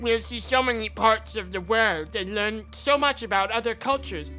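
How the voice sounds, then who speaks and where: Man doing a teenage daughter, wheedling, pleading, high, bright. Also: moderate pace, faint music behind, rough recording. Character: nineteen-year-old daughter, pleading, sweet.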